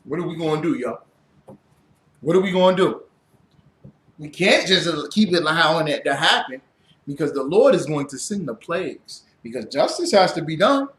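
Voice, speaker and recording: A man preaching a fiery sermon as a religious teacher, blunt and profane, rising to shouts. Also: a little high, expressive, moderate pace. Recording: roomy echo.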